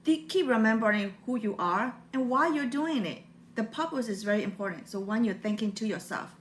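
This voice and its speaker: A woman's voice: on the high side, lively intonation, fairly quick. A woman in her forties from Burma with a Burmese accent, giving an earnest, heartfelt motivational talk in non-native English. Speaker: motivational vlogger.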